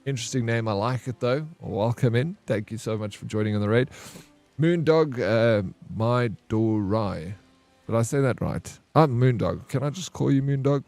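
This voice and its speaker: A man live-streaming a game, chatting and joking with his viewers, and loudly welcoming raiders. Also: medium pitch, moderate pace, dry recording, soft background music. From South Africa. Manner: jokey, excitable, banters with chat. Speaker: variety streamer. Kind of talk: casual live-stream chat while gaming.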